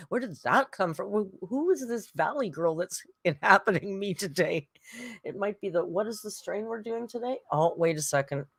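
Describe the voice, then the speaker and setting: A woman's voice: mid-range voice, expressive, normal speed, vocal fry, husky, no echo, studio quality. A woman from Canada hosting a casual reaction stream, making wry remarks, swearing now and then, and reading viewer messages aloud. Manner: wry, swearing, reads super chats aloud.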